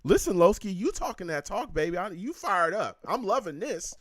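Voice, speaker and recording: A man's voice: high voice, sing-song, normal speed, no room sound, clean studio sound. A man hosting a call-in sports show, talking in a hyped, slangy, casual way.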